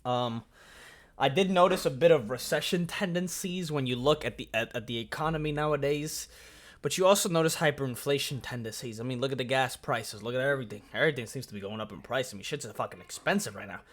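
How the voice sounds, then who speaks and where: A man hosting a reaction channel, chatting casually, swearing often and thinking out loud. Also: medium pitch, a little fast. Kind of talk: casual video reaction commentary.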